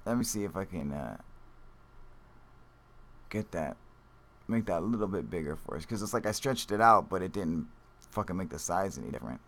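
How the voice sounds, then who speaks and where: A man with a fairly low voice hosts a live stream in a loose, unscripted way. He reads out viewer comments, rambles through his thoughts, and swears freely, often breaking into laughter. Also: sing-song, normal speed, vocal fry, pauses often, a bit bright.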